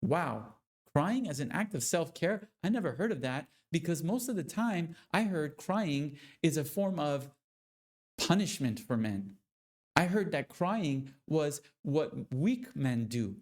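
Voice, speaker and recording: A man's voice: fairly high pitch, sing-song, slow pace, darkish tone, exaggerated voice. A man voicing a doubtful skeptic who questions an idea in an incredulous tone. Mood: skeptical.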